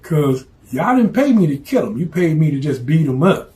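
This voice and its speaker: A man's voice: fairly high pitch, big pitch swings, moderate pace, mellow. A man telling a story from his past in a blunt, profane, streetwise way.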